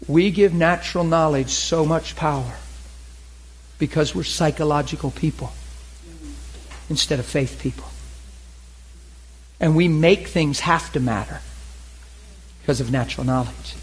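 A man preaching a sermon to a group, animated, acting out characters in his stories. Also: fairly high pitch, measured pace, pauses often, slightly rough, low-quality recording. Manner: animated, voices characters in anecdotes. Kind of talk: sermon with acted-out scenes.

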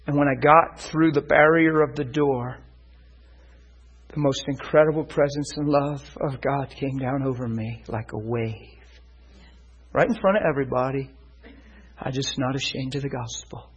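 A man preaching, telling his own story as a sermon testimony, animated and often laughing. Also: medium pitch, normal speed, slightly rough, lo-fi sound.

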